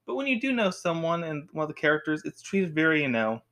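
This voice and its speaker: Talking fast to camera, this movie-and-TV vlogger has a low, slightly bright voice with big pitch swings. She rambles in a chatty, jokey way, constantly adding asides and correcting herself.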